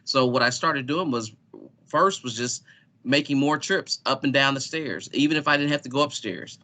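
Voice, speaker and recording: A man's voice: mid-range voice, moderate pace, bright, forceful tone. A man moderating a webinar over a video call, chatty and telling a personal story. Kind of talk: casual chat.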